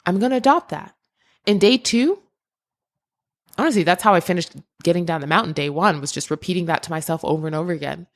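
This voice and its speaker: A woman hosting a podcast, giving an emphatic motivational monologue that repeats key phrases and speaks straight to the listener. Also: on the low side. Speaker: podcast host and creativity mentor.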